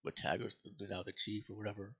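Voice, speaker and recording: Deep gravelly man rambling casually. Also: level tone, fast talker, pushed and bright. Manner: rambling, profane, with many fillers and restarts. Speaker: movie reviewer. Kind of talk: casual spoken movie review.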